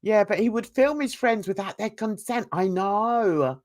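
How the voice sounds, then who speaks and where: A woman's voice: mid-range voice, animated, unhurried, a little mellow. A woman hosting casual reaction commentary, chatty and gossipy, laughing often. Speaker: commentary channel host.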